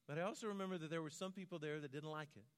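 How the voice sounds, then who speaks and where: An American man delivers a sermon, mixing quiet personal storytelling with a rhythmic, repeated closing litany. His voice sits a little high for a man. The sound carries a long hall reverb. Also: racing, clear, resonant tone. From United States. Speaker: preacher.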